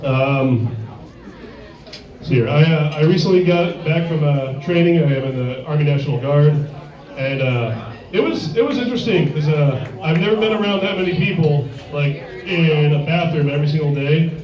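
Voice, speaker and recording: A man's voice: on the high side, moderate pace. A man doing a stand-up comedy set in a sports bar, crude and rambling, full of filler words. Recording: echoey bar, distant dull mic, crowd.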